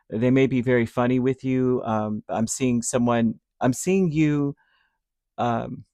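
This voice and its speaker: A man's voice: medium pitch, a little mellow, no room sound, clean studio sound. A man giving a casual, rambling tarot reading, who acts out little voices as he talks. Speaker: tarot reader.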